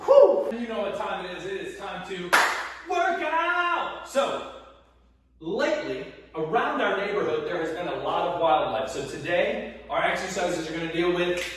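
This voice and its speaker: A man's voice: sits high, lively intonation, normal speed, background noise. A man teaching as a PE teacher, hyping workout reps with whoops and counting, sweaty and winded during the exercises. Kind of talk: energetic home workout instruction. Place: hot home garage. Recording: echoey garage from far off.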